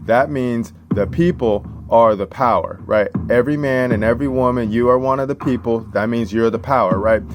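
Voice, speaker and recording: A man's voice: mid-range voice, normal speed, hardly any pauses. Casual man teaching with constant "right?". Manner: casual, emphatic, repeats "right?" after every point. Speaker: civics teacher. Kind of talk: informal lesson reading and explaining a constitution. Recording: steady background noise.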